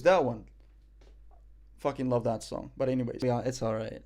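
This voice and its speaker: A man's voice: mid-range voice, fairly even intonation, moderate pace, darkish tone. A man streaming live, reacting in casual chat; cocky, joking, profane and rambling.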